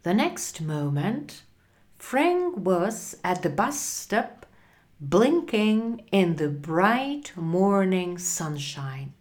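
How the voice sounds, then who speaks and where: A woman narrating a storybook in a clear, deliberate reading voice. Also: mid-range voice, sing-song.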